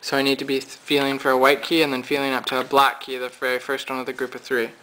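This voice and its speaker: A man teaching a casual piano lesson, talking in a relaxed, low-energy way as he thinks aloud while losing his voice. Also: fast, rough recording. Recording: piano playing behind.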